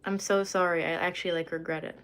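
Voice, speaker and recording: This young Lebanese woman talks fast in a lowish, slightly bright voice with a flat delivery. It's a relaxed livestream chat where she reads comments out loud, wandering off and losing her thread.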